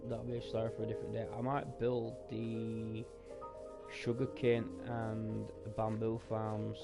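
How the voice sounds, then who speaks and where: A man's voice: lowish voice, completely flat delivery, a little slow, vocal fry. A tired man, thinking aloud as he plays a building game. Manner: thinking aloud, rambling and musing. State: tired and sleepy. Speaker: gaming streamer. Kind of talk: casual gameplay commentary. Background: background music.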